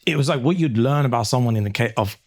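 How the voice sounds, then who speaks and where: Animated British man telling a story. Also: mid-range voice, quick pace. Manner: animated storyteller, acts out pleading voices. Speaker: podcast guest. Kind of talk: casual chat.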